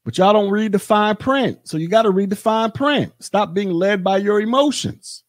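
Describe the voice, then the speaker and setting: A man's voice: high voice, normal speed, dry recording, studio quality. A podcast host, a man, delivering a blunt, repetitive political rant in a monologue. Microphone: podcast mic.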